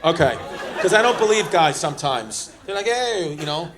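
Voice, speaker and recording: A man's voice: a little high, expressive, a little fast, fairly bright tone, slight background noise. A man with a New York accent doing brash, profane stand-up and crowd work on a club stage, acting out the people in his stories. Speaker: stand-up comedian. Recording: live club audience. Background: audience laughter.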